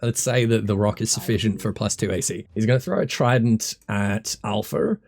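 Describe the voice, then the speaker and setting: A man running a tabletop game as dungeon master, talking in a relaxed, hesitant way with many fillers. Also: lowish voice, normal speed.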